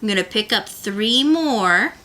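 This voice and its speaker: Bright-voiced woman teaching beadwork. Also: medium pitch, lively intonation, measured pace. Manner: patient, talks the viewer through each step. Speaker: beading instructor. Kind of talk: step-by-step craft tutorial.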